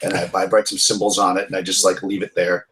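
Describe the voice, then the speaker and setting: A man's voice: low voice, level tone, quick pace, a bit bright, a little hiss or hum. A man playing in a tabletop game, talking casually and hesitantly. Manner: hesitant, many restarts. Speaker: player.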